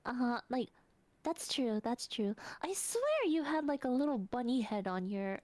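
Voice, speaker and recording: High, giggly woman, very lively pitch. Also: moderate pace, no echo. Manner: giggly, animated, self-deprecating. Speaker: podcast co-host. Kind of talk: casual chat.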